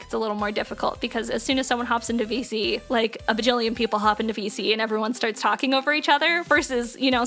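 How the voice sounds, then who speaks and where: A woman's voice: fairly high pitch, sharp tone. A woman streamer chatting casually with her live chat while she crafts, gushing and talkative, with lots of fillers.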